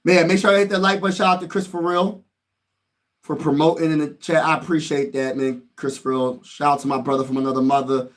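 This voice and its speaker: A man hosting a casual live stream, reacting excitably and talking straight to his chat in slangy speech, moving from low muttering to loud shouts. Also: fairly quick. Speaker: livestream host.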